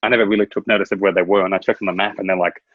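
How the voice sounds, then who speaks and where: A man's voice: low-pitched, level tone, very fast, dry recording, narrow, tinny audio. A man chatting casually as a guest over a video call, rambling through stories and laughing at his own anecdotes. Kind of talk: casual chat.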